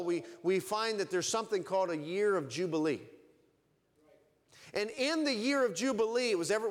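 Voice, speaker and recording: A man's voice: high voice, in a large hall. A man preaching a sermon as pastor, with fervent emphasis that rises and falls.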